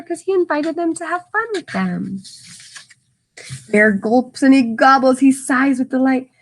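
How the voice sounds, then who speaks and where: A woman with a high-sitting voice reads a children's picture book at a measured pace. She stops to explain vocabulary in easy terms and adds spirited asides and sound effects.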